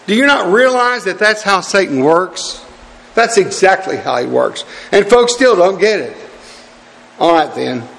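A man's voice: high-pitched, sing-song, unhurried, gravelly, fairly bright tone, in a large hall. A man preaching a sermon in a church, folksy and pleading with his congregation, chuckling as he goes.

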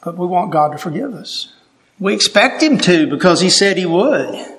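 Guy preaching, high voice, earnest and emphatic, asks the crowd questions. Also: animated, moderate pace, fairly bright tone. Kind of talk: sermon.

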